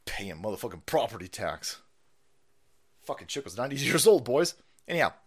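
A man's voice: mid-range voice, sing-song, a little fast, slightly rough. A man ranting on a livestream, foul-mouthed and mocking, swearing constantly. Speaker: streamer. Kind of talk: profane political rant on a livestream.

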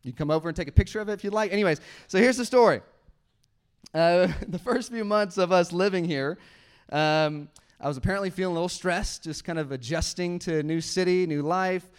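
A man's voice: high-pitched, a little fast, clear, resonant tone. A man in his thirties preaching a sermon to his church on a handheld mic, talking conversationally and joking with the congregation. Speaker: pastor. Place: church auditorium. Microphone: handheld microphone.

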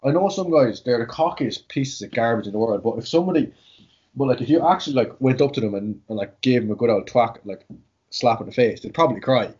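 Irish guy, a jiu-jitsu coach, rattling off rambling stories, husky voice, dull lo-fi sound. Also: medium pitch, lively intonation, fast talker, darkish tone. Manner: rambling, sweary, filled with "like". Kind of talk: casual podcast storytelling. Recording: dull lo-fi audio.

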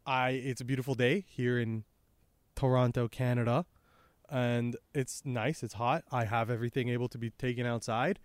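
A man's voice: mid-range voice, a little mellow, no echo. A young man hosting a podcast, recapping a comic chapter in a rambling, laid-back way with lots of fillers, recorded outdoors by a creek on a microphone exposed to wind. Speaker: podcast host. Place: outdoors by a creek and tree line. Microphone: handheld microphone exposed to wind.

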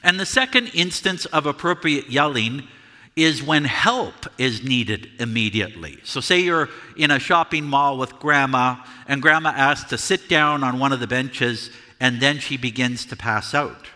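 A man preaching a sermon as pastor, speaking in a measured way with his voice carrying through a church. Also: mid-range voice, animated. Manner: measured preaching, shouts example words. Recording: church hall reverb.

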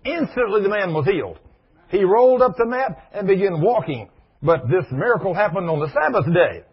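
A man preaching a sermon with animated delivery, turning to speak to people in the room as he goes. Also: sits high, fairly quick, breathy edge. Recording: dull lo-fi recording.

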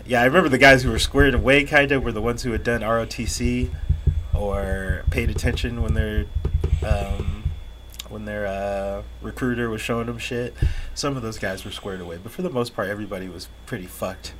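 A man's voice: lowish voice, moderate pace, background noise. A young man co-hosting a podcast, telling stories in casual chat, cursing freely and laughing as he goes. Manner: profane, laughing, acts out yelled quotes. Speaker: podcast co-host.

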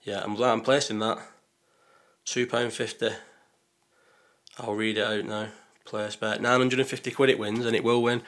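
A man with a somewhat low-pitched voice chats loosely through his betting picks. He rambles and thinks out loud, doubting himself and correcting his choices as he goes. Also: little pitch movement, fairly quick. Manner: rambling, talks to himself, second-guesses aloud. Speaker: betting vlogger. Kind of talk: casual chat while placing bets.

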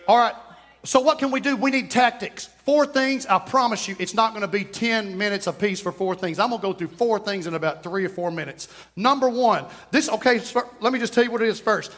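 A man's voice: high voice, brisk, long reverb tail. A man, preaching a sermon in a church and calling the congregation to respond. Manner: animated preaching with call-and-response. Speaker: pastor. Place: church sanctuary.

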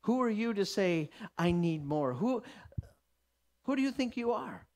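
A man's voice: high voice, animated, measured pace, darkish tone. A man preaching, voicing the devil as it whispers taunting doubts to a believer. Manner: taunting, questioning.

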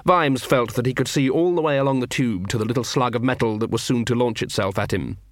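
A man's voice: medium pitch, no echo. Man narrating an audiobook, dry sound. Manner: measured, dramatic storytelling. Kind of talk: scripted narration.

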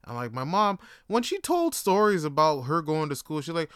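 A man's voice: a little high, big pitch swings, normal speed, few pauses, a bit bright, clear, resonant tone, dry recording, clean studio sound. A man hosting a podcast, telling stories casually and animatedly, swearing freely and repeating words as he goes. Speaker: podcast host. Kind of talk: casual storytelling.

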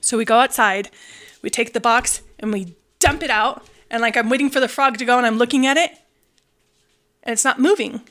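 A woman in her thirties, a podcast co-host and hairstylist, telling a story in casual chat with lively, laughing delivery. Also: fairly high pitch, brisk.

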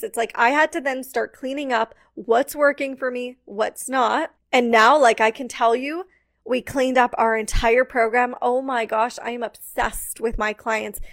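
A young adult woman coach talking casually on her own podcast, upbeat and chatty, dropping "like" all the time. Her voice sits a little on the high side. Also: creaky. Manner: chatty, upbeat, many "like" fillers. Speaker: business coach and podcast host. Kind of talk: casual solo podcast talk.

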